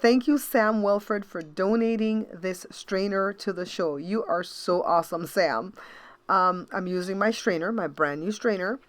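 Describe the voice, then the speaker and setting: A woman's voice: medium pitch, a little slow. A middle-aged woman hosting a home cooking show, chatting casually to her viewers as she works in the kitchen and often checking in with them. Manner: chatty, talks straight to viewers with frequent checks like "okay?".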